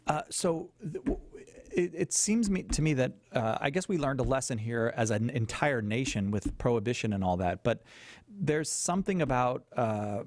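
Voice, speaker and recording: A man's voice: medium pitch, lively intonation, moderate pace. A man hosting a live call-in radio show, talking with frequent hesitations and restarts. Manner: hesitant, with many fillers and restarts. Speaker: radio talk show host. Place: radio studio.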